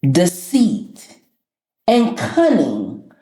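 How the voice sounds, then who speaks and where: Very slow, dark-voiced woman reading scripture. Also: lowish voice, huge pitch swings, echoey room.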